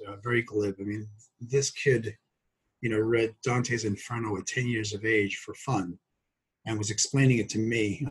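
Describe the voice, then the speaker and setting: Husky-voiced man in his sixties, halting. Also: on the low side, poor audio. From Brooklyn, New York. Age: 60s. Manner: halting, many fillers and restarts, joking. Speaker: guest doctor. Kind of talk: podcast interview.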